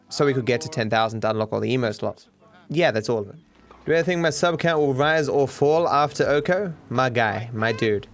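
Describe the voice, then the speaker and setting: A man's voice: medium pitch, creaky. A young man, a streamer rambling casually, candid and self-deprecating, swearing freely.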